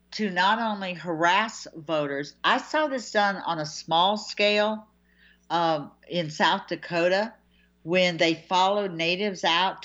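Chatty woman host, lowish voice, kinda dull lo-fi sound, laughs a lot. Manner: chatty, laughs often, animated asides. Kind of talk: casual chat.

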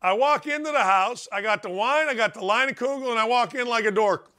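A man's voice: very high voice, a little fast. A middle-aged American man hosting a sports talk show, giving blunt, folksy relationship advice in a rambling monologue. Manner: blunt, folksy, rambling, swings between loud and muttered asides. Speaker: sports radio host.

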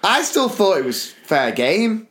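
A British man co-hosting a casual podcast, a teacher telling school stories with animated delivery and acted-out voices. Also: sits high, a little slow. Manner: animated storytelling, acts out voices. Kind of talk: casual chat.

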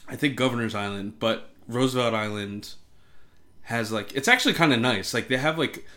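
A man's voice: medium pitch, normal speed. Man telling stories, lots of cursing. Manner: animated storyteller, swears often, says "like" a lot. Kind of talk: casual chat, storytelling.

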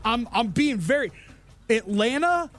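A man's voice: extremely high pitch, very animated, measured pace, fairly bright tone. A man on a sports podcast panel who talks animatedly, stumbles over restarts, and puts on mock sarcasm. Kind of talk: casual sports chat.

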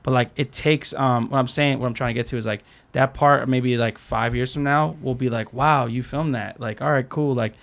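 A skate filmer appears as a podcast guest, chatting casually, telling stories, acting out quotes, and saying "like" a lot. His mid-range voice is gravelly and brisk, with fairly even intonation and few pauses.

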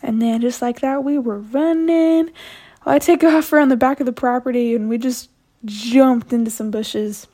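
A young woman with a fairly high voice tells a story she sent in to a podcast. She talks in a chatty, self-mocking way, like she is recounting a wild teenage adventure to a friend. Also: normal speed, warm tone. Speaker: listener telling a story to a podcast. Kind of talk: casual storytelling.

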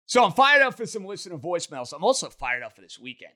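An energetic man hosts a casual sports talk show. His voice is bright and forceful and sits a little high. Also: fast. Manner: energetic, animated. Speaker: podcast host.

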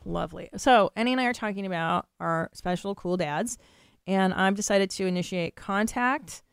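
A woman's voice: mid-range voice, moderate pace, gravelly, smooth, no room sound, studio quality. A woman co-hosting a podcast in casual chat, candid and blunt, swearing freely. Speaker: podcast co-host.

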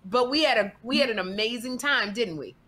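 A woman co-hosting a talk show chats in an animated, lively way. Her voice is bright and fairly high, and she laughs easily. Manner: animated, chatty, quick to laugh. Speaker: co-host. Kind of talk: casual chat.

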